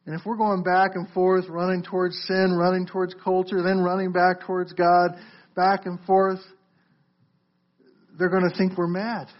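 With a high voice and a completely flat delivery at normal speed, a man preaches as a pastor. He is earnest, says "folks" to his listeners, and often repeats words as he restarts, all on a muffled lo-fi recording.

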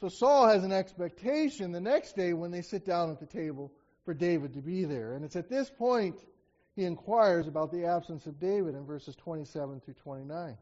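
Lively high-voiced male preacher, lo-fi. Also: moderate pace. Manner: conversational, acts out quotes with rising emphasis. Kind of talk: sermon with scripture reading. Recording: dull lo-fi recording.

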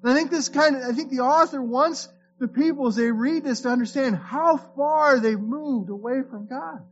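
At a normal speed, a fairly high-voiced pastor from Florida gives a loose, conversational sermon, reading scripture and often stumbling into repeated words when he restarts. The recording is lo-fi and a bit dull, with a faint underlying hum.

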